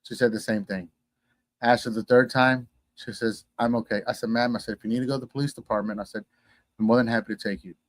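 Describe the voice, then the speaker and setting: A man's voice: medium pitch, steady tone, quick pace, no echo. A man from Texas, a guest telling a personal story in casual conversation, acting out the voices he quotes.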